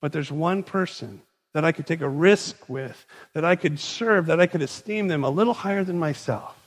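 Man, pastor, sermon, conversational, animated, slightly high voice, long reverb. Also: moderate pace. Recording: long reverb in a large hall.

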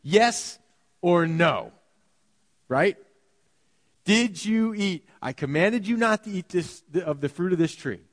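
A male pastor giving a sermon, talking casually and animatedly, often dropping to a hushed voice. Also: a little high, a little slow, long reverb tail. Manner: animated, conversational preaching with sudden quiet drops. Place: church sanctuary.

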